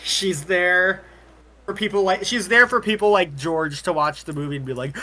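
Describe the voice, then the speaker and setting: Give me a bright-toned young person talking casually and bluntly on a podcast. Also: mid-range voice. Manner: laughing, blunt, sings snatches jokingly. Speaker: podcast co-host. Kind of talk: casual movie review chat.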